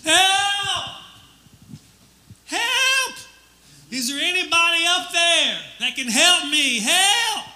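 A man voicing a panicked jogger hanging from a cliff, yelling for help in a high, strained voice. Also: big pitch swings, unhurried, full character voice. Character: frantic male jogger dangling from a cliff.

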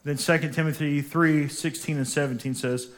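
At normal speed and with fairly even intonation, a pastor with a slightly high voice preaches in a church. He is emphatic, calling for the congregation to repeat after him.

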